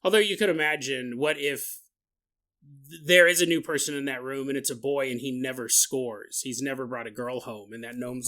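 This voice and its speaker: Bright-voiced joking podcast host man. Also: mid-range voice, fairly even intonation, moderate pace. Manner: rambling, jokey, laughs often. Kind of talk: casual storytelling podcast.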